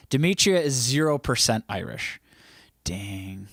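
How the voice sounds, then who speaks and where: A man's voice: mid-range voice, unhurried, no echo, clean studio sound. A man hosting a livestream, chatting loosely and reacting to viewers' comments, his throat a little scratchy. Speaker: livestream host. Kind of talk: casual chat reading live comments.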